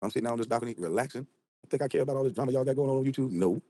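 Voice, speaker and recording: A man livestreaming from an outdoor balcony at night, ranting rapidly and combatively and acting out both sides of an argument. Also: medium pitch, warm tone, no room sound. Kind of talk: heated casual livestream rant.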